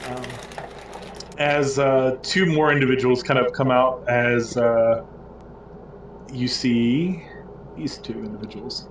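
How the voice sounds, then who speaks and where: A man's voice: mid-range voice, steady tone, slow, long pauses, a little hiss or hum. Casual male game master, loose and rambling, echoey room, far mic. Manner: loose and rambling, many fillers. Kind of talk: casual tabletop game narration.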